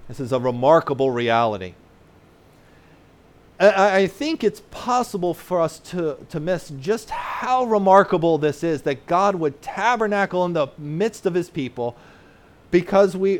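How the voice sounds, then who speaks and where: Male pastor, sermon delivery, slightly high voice, earnest teacher, lots of "uh" and "right?". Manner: explains terms plainly for children in the congregation.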